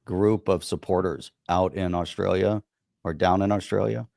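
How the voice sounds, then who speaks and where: A man with a lowish voice co-hosts a podcast, speaking loosely and emphatically. He leans on fillers and restarts as he makes his points. His voice is recorded dry and close, with little room sound. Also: fairly even intonation, moderate pace, gravelly, a little mellow, dry recording. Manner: rambling, emphatic, frequent "you know" fillers. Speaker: podcast co-host. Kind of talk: casual political chat.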